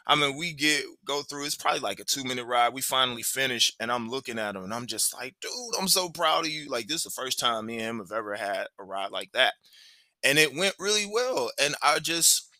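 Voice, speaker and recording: A man's voice: mid-range voice, a little fast, sharp tone, no room sound. A man hosting a podcast, telling a personal story in a loose, conversational way, filled with "like" and "you know.". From Cleveland, Ohio, USA. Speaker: podcast host.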